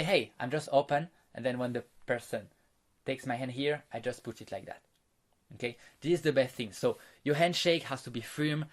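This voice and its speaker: A man's voice: medium pitch, fairly bright tone. A man coaching an online course on social skills. He explains patiently, guiding listeners through exercises and demonstrations. His talk is loose and unscripted, full of fillers and restarts.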